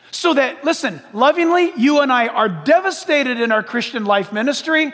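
High-voiced preacher with a long hall reverb. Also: male voice, lively intonation, a little fast, few pauses, fairly bright tone. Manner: emphatic, rhetorical questions, repeats "listen". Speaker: pastor. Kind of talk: sermon.

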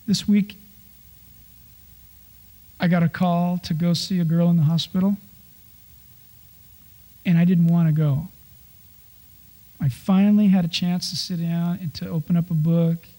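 A male pastor preaching a sermon, telling stories with animated delivery and acting out people's complaints in exaggerated voices. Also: a little high, moderate pace, pauses often.

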